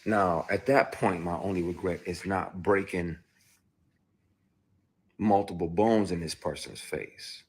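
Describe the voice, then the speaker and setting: A man with a very low, husky voice tells a story candidly over a phone livestream. He speaks with heated emphasis, pushing into loud bursts before dropping back down. The grain in his voice stays rough throughout. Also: slow, long pauses. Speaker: actor. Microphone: phone on a live stream.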